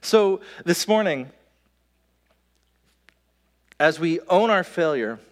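A man preaching a sermon as pastor, in a conversational way, with quick asides and restarts. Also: fairly high pitch, animated. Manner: conversational, self-interrupting, with quick asides and laughs. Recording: long hall reverb.

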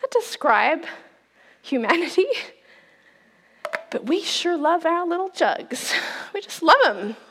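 A woman's voice: very high voice, sing-song, slow, long pauses, fairly bright tone. A woman in her forties preaching a sermon in a chatty, playful way, laughing often. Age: 40s. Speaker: pastor. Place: church auditorium. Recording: long reverb of a hall.

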